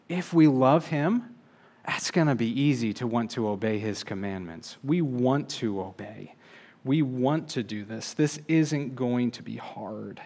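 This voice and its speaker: A man delivering a sermon at a mid pitch, earnest and steady. He slows to lean on key phrases and keeps a calm, measured pace. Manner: earnest, measured preaching with slow emphatic phrases. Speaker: preacher.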